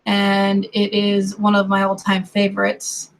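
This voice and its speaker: With a mid-range, gravelly voice, she speaks at a measured pace and in a monotone while drawing on stream. A young woman from Colorado and California, she has a mixed American accent with light Kentucky Southern touches, and her rambling chat is digressive, punctuated by laughs and playful asides.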